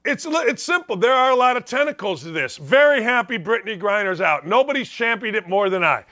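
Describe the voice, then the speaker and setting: A middle-aged man hosts a sports talk show with a very high, bright voice. He rants in an opinionated way and fires off rhetorical questions. His tone is forceful throughout. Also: lively intonation, a little fast. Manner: emphatic, rhetorical questions, ranting.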